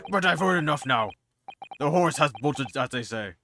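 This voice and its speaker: A man voicing a blustering master coachman, loud and bombastic, trying a Scottish accent. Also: a little high, animated, normal speed, lightly acted. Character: blustering middle-aged master coachman juror. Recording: game music behind.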